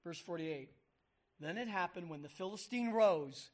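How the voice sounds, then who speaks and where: A man with a high voice preaches a sermon. He reads scripture aloud with emphasis and acts out the voices in the passages. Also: animated, normal speed, a little mellow.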